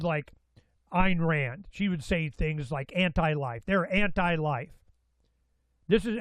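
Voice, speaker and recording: A fairly high-voiced man holds forth as the show's host, excitable and rambling, circling back and restarting his thoughts. The sound is dry and close, with no room around it. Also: no room sound, poor audio. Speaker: radio show host. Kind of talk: casual talk-show monologue.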